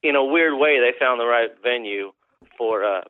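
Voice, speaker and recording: A man's voice: medium pitch, normal speed, no room sound. A man, a country musician guest, telling rambling, profane stories in a casual interview. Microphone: phone call. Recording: tinny phone line, dry.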